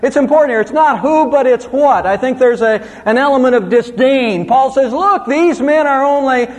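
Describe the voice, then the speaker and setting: A man preaching an expository sermon, with lively, rising and falling emphasis. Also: very high-pitched, moderate pace, long reverb tail. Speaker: pastor.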